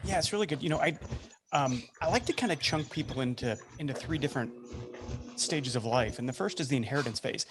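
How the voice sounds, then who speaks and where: A man's voice: medium pitch, quick pace. A man hosting a podcast interview, speaking reflectively and restarting his sentences often. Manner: reflective, with frequent ums and restarts. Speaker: podcast host. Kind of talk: interview conversation.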